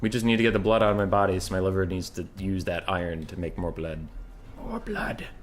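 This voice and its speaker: A young man with a slightly low voice calls a strategy game match in a loose, chatty way. He drifts between play-by-play and off-topic banter, swearing casually. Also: level tone, fast. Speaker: game caster. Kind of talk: casual esports commentary.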